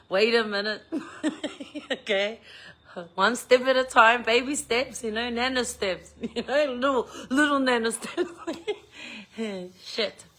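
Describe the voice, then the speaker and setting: A woman's voice: fairly high pitch, slow, fairly bright tone. A middle-aged woman, chatting casually to her viewers, laughing often and swearing freely as she jokes about herself. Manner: giggly, swears freely, self-mocking. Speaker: vlogger. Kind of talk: casual chat.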